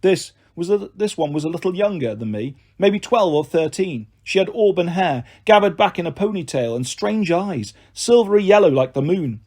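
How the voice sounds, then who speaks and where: Male audiobook narrator, lively pitch, husky tone, slightly high. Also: normal speed, hardly any pauses. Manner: expressive storytelling.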